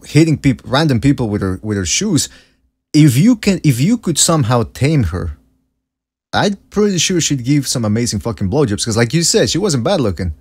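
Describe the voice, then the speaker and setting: Husky-voiced man telling a story. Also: medium pitch. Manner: storytelling, rambling with restarts. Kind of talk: casual chat.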